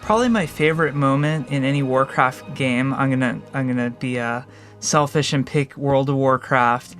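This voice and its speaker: A man reflects in an interview with a thoughtful, slightly hesitant delivery. His voice has an ordinary middle pitch. Faint music sits underneath. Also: normal speed, fairly bright tone. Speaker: game developer.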